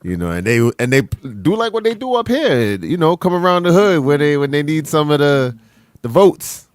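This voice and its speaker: A man's voice: on the high side, sing-song, normal speed, no room sound, studio quality. A man co-hosting a podcast in laid-back casual chat, often chiming in to agree. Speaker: podcast co-host.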